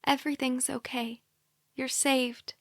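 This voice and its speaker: A woman voicing an eerily calm brainwashed sister. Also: fairly high pitch, normal speed, gravelly, no room sound, studio quality. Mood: soft soothing. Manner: light, monotonous, robotic.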